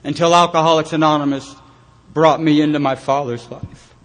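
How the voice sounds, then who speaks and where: At a recovery retreat, a man from Los Angeles, California, tells his own recovery story to a live audience in a meeting hall. His voice is fairly high and a bit bright, with fairly even intonation and a moderate pace. He uses wry, self-mocking humor and acts out the people in his story.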